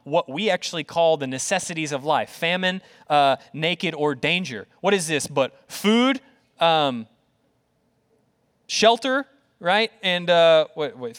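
A man preaches in a conversational, animated way, asking the congregation question after question. His voice sits a little higher than most men's. It carries a long reverb from the church hall around him. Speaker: pastor. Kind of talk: sermon.

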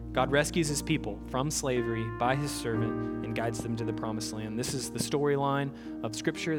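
Pastor, male, mid-pitched, earnest conversational sermon, guitar music under the voice. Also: big-room sound. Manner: earnest, conversational preaching with fillers and repeats. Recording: music playing clearly behind the voice.

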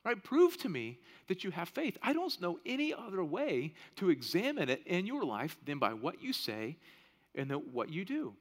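Man preaching, thirties, high voice, conversational, long hall reverb. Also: huge pitch swings, normal speed. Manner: conversational, often asks "right?". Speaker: pastor. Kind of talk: sermon.

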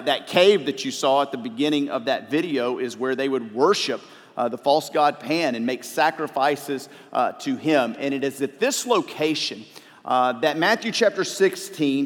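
A male pastor preaching a sermon, chatty with filler words, then rising to emphatic points. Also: fairly high pitch. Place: church sanctuary. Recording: long reverb of a large hall.

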